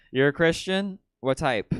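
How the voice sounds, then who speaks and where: Male stand-up comic, deadpan delivery with bursts, animated pitch, resonant tone. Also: clear, resonant tone, no echo. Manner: deadpan storytelling with sudden excited outbursts. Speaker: stand-up comedian. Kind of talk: stand-up comedy set. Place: comedy theater stage.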